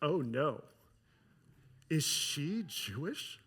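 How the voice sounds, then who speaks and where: A man's voice: sits high, animated, fast, bright, forceful tone, big-room sound, full character voice. A pastor playing a pompous royal official who schemes against a queen. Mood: worried.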